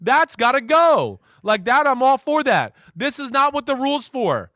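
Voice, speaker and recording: A man in his forties with a high, bright voice tells a story from his playing days, jumping into loud acted-out quotes. The sound is dry and close, with no room around it. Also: moderate pace, dry recording. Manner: animated storytelling, acts out quotes loudly. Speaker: former quarterback, guest. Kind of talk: casual radio interview.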